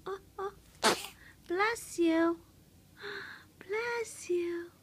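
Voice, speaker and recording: A new mother cooing to her newborn at home in soft, often whispered baby talk. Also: very high-pitched, extremely slow.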